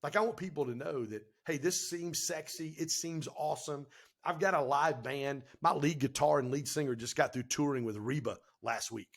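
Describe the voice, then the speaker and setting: A man telling stories on a podcast as the guest, animated and emphatic, with casual slang. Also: on the high side, moderate pace, gravelly. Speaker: guest entrepreneur and speaker. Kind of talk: energetic podcast storytelling.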